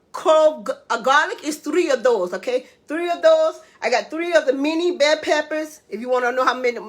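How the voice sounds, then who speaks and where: Calling her viewers "babies" and "honey," this cooking show host keeps her casual vlog chatty and playful. She has a high, fairly bright voice.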